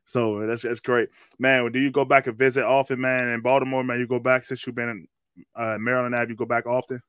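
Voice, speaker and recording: Casual podcast host, man, bright and smooth voice, relaxed slang delivery, dry close sound. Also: mid-range voice, a little fast, no room sound. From Washington, D.C. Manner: laid-back slangy, says man a lot. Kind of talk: casual interview.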